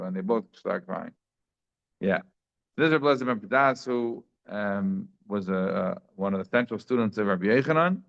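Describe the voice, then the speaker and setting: A man's voice: on the low side, expressive, moderate pace, creaky. A man giving a daily Talmud class in a conversational way, thinking aloud with frequent restarts. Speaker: Talmud teacher. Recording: slightly dull lo-fi sound.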